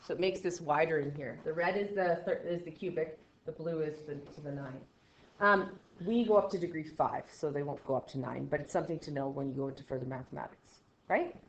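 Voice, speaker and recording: A woman teaching a math class, counting steps out loud, trailing off quietly, and checking in with "right?". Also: deep voice, a little fast. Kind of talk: classroom lecture. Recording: roomy classroom sound, slightly dull.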